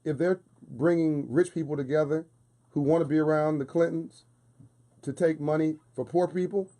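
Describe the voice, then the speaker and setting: A man with a fairly high pitch and a dark tone speaks at normal speed with fairly even intonation. He is a guest in a radio studio for a casual interview, passionate and emphatic with a preaching cadence, and he repeats phrases for force.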